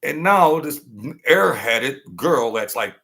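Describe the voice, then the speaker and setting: A man at an ordinary, middle pitch tells old stories in a loose, conversational way. He swears freely, circles back on himself and waves off details with "blah, blah, blah.". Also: lively intonation, slow, a bit bright. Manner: rambling and profane, fills gaps with "blah, blah, blah". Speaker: storyteller recounting his past. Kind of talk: casual spoken storytelling.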